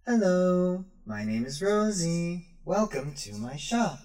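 A man's voice: high-pitched, big pitch swings, takes it slowly, darkish tone, pitched above the performer's own voice, heavily acted. A man putting on a sweet, melodic droid shopkeeper lady, Rosie. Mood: welcoming. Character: sweet female shopkeeper droid, polite and busy.

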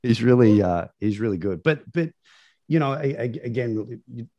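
A man's voice: medium pitch, moderate pace, no room sound, lo-fi sound. A man co-hosting a podcast, telling stories casually with some swearing. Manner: lively storytelling, casual swearing. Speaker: podcast co-host. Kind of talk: casual conversational chat.

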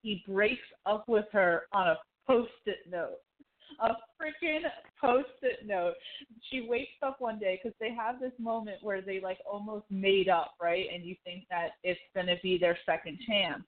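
A woman co-hosting a casual chat, telling a long story in a rambling, animated way full of "like". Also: medium pitch, unhurried. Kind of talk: casual chat recapping a TV show. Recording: phone-like narrow sound.

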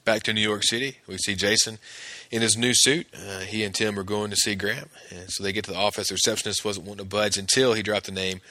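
A man's voice: fairly low pitch, steady tone, fast talker, pushed and bright, no echo. A man casually recapping a TV episode scene by scene, with plenty of fillers and restarts. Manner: conversational, many fillers and restarts. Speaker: podcast host recapping an episode.

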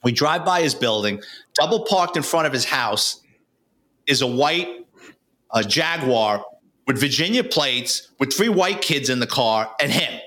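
A man's voice: medium pitch, animated, measured pace, sharp tone. An older man, a retired detective telling stories in a blunt, street-wise way with colorful swearing. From New York City. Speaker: retired police detective and author, guest. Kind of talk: casual storytelling.

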